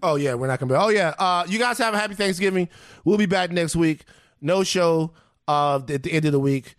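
Man, podcast co-host, casual chat, animated, laughing riffs, very dry recording. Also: a little high, fairly quick, no room sound. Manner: animated, laughing, rhetorical riffing.

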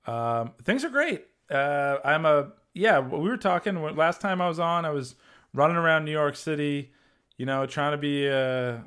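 Animated man with a Massachusetts accent. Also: on the high side, normal speed, clear, resonant tone. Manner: loose, animated storyteller who swears a lot. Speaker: podcast guest. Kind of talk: casual podcast chat. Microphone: video call.

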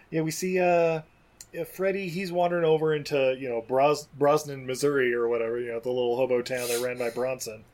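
A man's voice: mid-range voice, level tone, a little fast, a little mellow. A man hosting a casual chat about a film, rambling loosely, laughing often and swearing.

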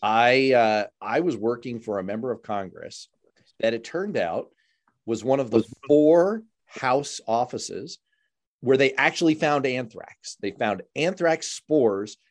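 Male podcast host, lively swooping pitch, jokey, chatty. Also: slow pace. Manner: chatty, jokey, repeats words when starting. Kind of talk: casual interview.

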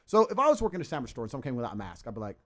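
A man talking as a podcast guest, ranting forcefully and with lots of profanity. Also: mid-range voice, huge pitch swings, racing. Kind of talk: casual podcast conversation.

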